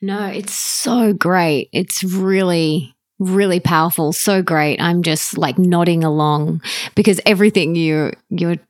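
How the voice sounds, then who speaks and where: Woman, podcast host, low-pitched, eager conversational tone, dry sound. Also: fairly even intonation, a little slow, no room sound. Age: adult, stepmother of an eleven-year-old. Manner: enthusiastic, reflective, speaks of her book and family. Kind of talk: conversational interview.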